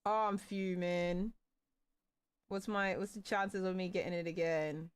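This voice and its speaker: A woman's voice: lowish voice, fairly even intonation, a little slow, clear, resonant tone. A playful young woman, chatting casually while gaming and singing along goofily. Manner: playful, sings along to songs, goofy. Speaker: streamer.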